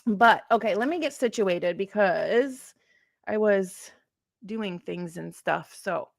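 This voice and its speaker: A chatty woman hosts a true crime livestream and rambles as she replies to her chat. Her pitch sits in the middle range for a woman. The sound is dry and close, with no room echo. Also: animated, slow, creaky. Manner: rambling, chatty, answers live chat comments. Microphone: streaming setup.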